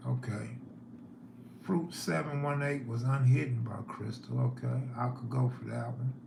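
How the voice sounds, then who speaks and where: A man's voice: mid-range voice, steady tone, normal speed, vocal fry, echoey room, noisy background. A man hosting a live stream, telling neighborhood stories in a laid-back way and reading chat aloud.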